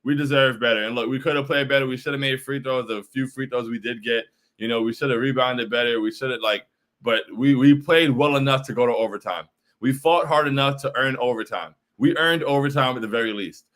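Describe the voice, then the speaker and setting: Reacting to his chat on a postgame livestream, this young host sounds frustrated, going over the same points and leaning on "bro." He speaks briskly in a mid-range voice that's fairly bright.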